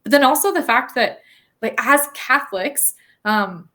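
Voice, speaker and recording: A woman's voice: fairly high pitch, expressive, unhurried, pushed and bright. A woman in her thirties, a guest author on a podcast, talking earnestly and thoughtfully with many fillers and restarts. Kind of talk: conversational interview.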